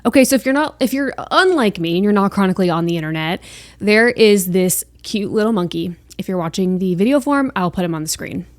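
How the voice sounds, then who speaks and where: A woman's voice: mid-range voice, expressive, fairly quick, no room sound, studio quality. A young woman hosting a podcast, chatting casually and emotionally, gushing with lots of fillers. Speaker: podcast host. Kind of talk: casual chat.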